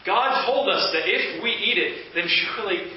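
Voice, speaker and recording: A scared young woman, played by a man in a storytelling reading, pleading and tripping over her words in a raised, high voice. It sounds distant and muffled, with a hissy, echoing room around it. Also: animated, moderate pace. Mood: earnest. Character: frightened young woman, first wife. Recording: echoey, distant, dull with hiss.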